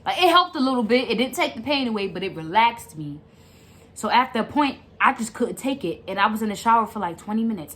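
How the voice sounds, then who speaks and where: Slangy, animated young woman storyteller. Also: mid-range voice, normal speed, slight background noise. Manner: animated, slangy and dramatic, with side remarks. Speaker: vlogger. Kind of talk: casual storytime vlog.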